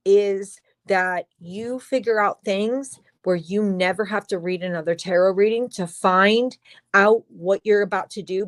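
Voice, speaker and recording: A woman's voice: on the low side, no echo. Tarot reader, young adult woman, emphatic and profane, dry deadened room. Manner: emphatic, swears freely, talks straight to viewers. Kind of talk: livestream tarot reading.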